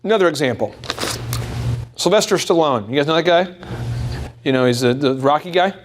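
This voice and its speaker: Emphatic high-voiced male business coach. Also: expressive, a little fast, background noise. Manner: emphatic, repeats key points, rhetorical questions. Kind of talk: motivational workshop talk.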